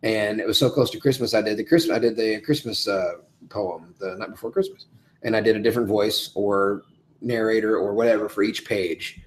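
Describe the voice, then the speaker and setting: A man, a voice actor hosting a live Q&A, answering comments in a rambling, animated way. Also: fairly quick, slight background noise. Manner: rambling, animated, big swings of pitch and loudness. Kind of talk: casual livestream chat answering comments.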